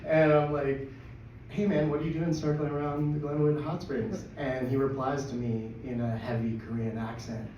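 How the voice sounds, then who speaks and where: A man telling a personal story at a live storytelling event, excitable and laughing through it. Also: mid-range voice, normal speed. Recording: echoey, distant, dull live recording with noise.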